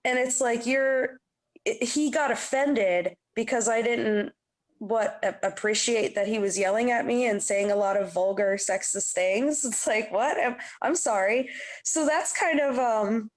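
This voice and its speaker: A woman's voice: on the high side, measured pace. A young adult woman musician, telling stories in a casual interview, chatty and full of "you know" fillers. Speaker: musician guest. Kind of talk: casual interview chat, storytelling.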